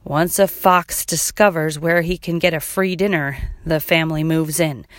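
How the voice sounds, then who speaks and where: A woman voicing a patient, firm father in a storybook reading, lowering her voice a little. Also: fairly even intonation, normal speed, no room sound, studio quality, natural voice.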